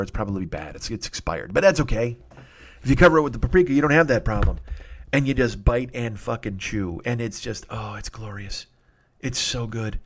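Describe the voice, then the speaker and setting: A middle-aged man hosts a podcast, talking at an ordinary mid pitch. He rambles through a comic monologue full of swearing and now and then bursts out loudly. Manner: profane, animated, with sudden loud outbursts.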